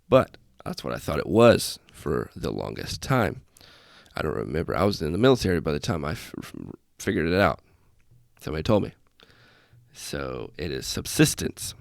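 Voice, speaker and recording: Low gravelly guy doing a solo podcast, goes off on tangents, pokes fun at himself. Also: very animated, normal speed, no room sound, clean studio sound. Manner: rambling, tangent-prone, self-deprecating. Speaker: podcast host, airman. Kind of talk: casual solo podcast talk. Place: small room with festive lights. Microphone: desk setup in front of laptop.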